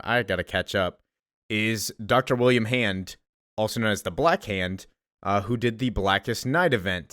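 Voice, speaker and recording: A man's voice: on the low side, fairly bright tone, smooth, no echo, studio quality. Chatty man recapping comics. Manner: chatty, full of fillers and laughs. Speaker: comic book recap host.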